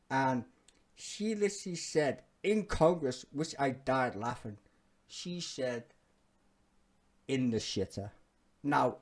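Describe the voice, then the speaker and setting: A streamer with a British accent giving blunt, profane commentary on a live stream, growing loud and heated as the rant builds. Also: medium pitch. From Britain. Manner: gets loud and heated when ranting.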